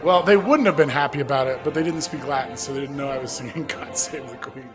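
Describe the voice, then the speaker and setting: A podcast co-host improvising an absurd comic story in casual chat, deadpan and chuckling at their own jokes. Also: medium pitch, quick pace, music in the background.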